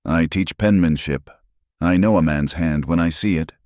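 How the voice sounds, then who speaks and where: A man's voice: rumbling low, moderate pace, no room sound, studio quality. A man voicing a determined, wounded frontier schoolteacher who speaks steadily and coldly in an audiobook western. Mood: steady, accusing. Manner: steady and cold, accusing.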